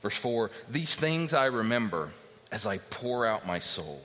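A man's voice: fairly low pitch, big pitch swings, unhurried, pushed and bright. A man preaching a sermon earnestly, teaching verse by verse and acting out the voices he quotes. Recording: long hall reverb.

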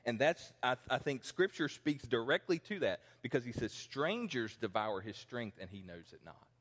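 A man's voice: mid-range voice, very animated, brisk, fairly bright tone, slightly rough. A pastor in his forties preaching a conversational sermon, acting out the people he quotes. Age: 40s. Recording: long reverb in a large hall.

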